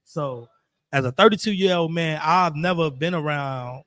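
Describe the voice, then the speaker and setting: A man's voice: on the high side, a little slow, a bit bright, dry recording, clean studio sound. A man, talking earnestly about parenting on a podcast and repeating words as he builds his point. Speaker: podcast co-host. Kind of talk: candid conversation about parenting.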